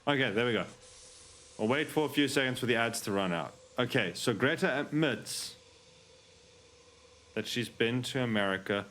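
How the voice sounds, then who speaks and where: A man's voice: mid-range voice, expressive, moderate pace, pauses often, fairly bright tone, slight background noise. A man streaming a game, joking and irreverent, swearing freely as he comments. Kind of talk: casual let's-play commentary.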